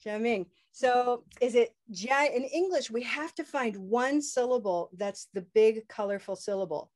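A woman's voice: on the high side, unhurried, darkish tone. A woman teaching English pronunciation in a live online class, upbeat and leading call-and-response chants over a video call.

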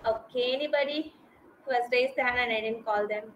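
A woman's voice: on the high side, brisk, slight background noise. A woman teaching a kindergarten class over a video call. She is patient and repeats and spells out sounds for small children. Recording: roomy echo.

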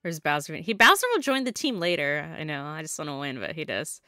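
A woman's voice: low voice, very animated, a little fast, bright, forceful tone, no echo, clean studio sound. A young woman streaming a game and chatting casually, giggling and correcting herself. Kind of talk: casual gameplay commentary.

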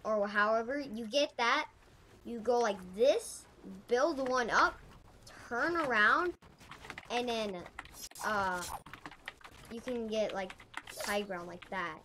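A woman's voice: a little high, slow, long pauses, sharp tone. A woman hosting a casual gameplay tutorial, thinking aloud, rambling and correcting herself as she goes. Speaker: gaming channel host. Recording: noisy with keyboard clicks.

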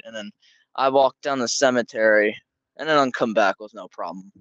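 A man's voice: medium pitch, a little fast, a bit bright, clean tone, no room sound, highs cut off. Rambling young man telling a story. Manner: rambling, corrects himself. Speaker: podcast host. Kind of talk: casual storytelling.

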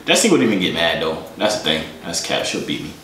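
Young man, vlogger, animated, joking, slangy, rambling, echoey room. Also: deep voice, quick pace, a little hiss or hum. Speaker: vlogger answering fan questions. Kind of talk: casual Q&A chat.

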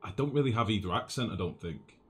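A man's voice: lowish voice, animated, quick pace. A man from northwest England with a generic northern English accent, chatting casually and rambling as he streams a game and answers chat, swearing now and then. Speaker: gaming streamer. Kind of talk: casual gameplay commentary, reading chat.

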